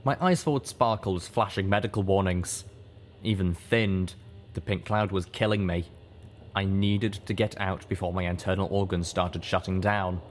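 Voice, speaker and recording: Male audiobook narrator: deep, steady and measured, with faint guitar behind. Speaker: audiobook reader.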